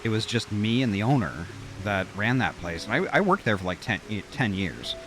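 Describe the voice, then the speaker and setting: A man's voice: on the low side, big pitch swings, brisk, noisy background. A man streaming a game and chatting casually, rambling with many fillers and restarts. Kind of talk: casual chat while gaming.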